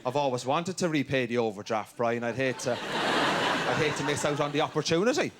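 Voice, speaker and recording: A man's voice: mid-range voice, expressive, fairly quick, fairly bright tone, a little hiss or hum. A man with an Irish accent telling a stand-up story in a cheeky, mock-innocent way on a comedy stage.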